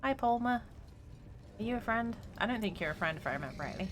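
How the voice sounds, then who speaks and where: A woman's voice: on the high side, expressive, quick pace, background noise. A woman streaming a video game, talking through her choices in a playful, giggly way. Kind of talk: casual gaming commentary.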